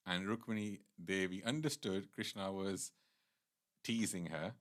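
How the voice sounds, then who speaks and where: A man with a very low, deep voice leads a devotional class. He retells a scripture story earnestly, and breaks off and restarts sentences as he explains. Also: a little slow. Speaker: temple speaker.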